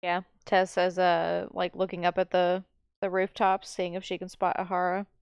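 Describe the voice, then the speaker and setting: Female tabletop player, low and smooth voice, dry sound, speaks of her character in third person. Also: completely flat delivery, normal speed, no room sound. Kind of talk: playing a character in a tabletop game.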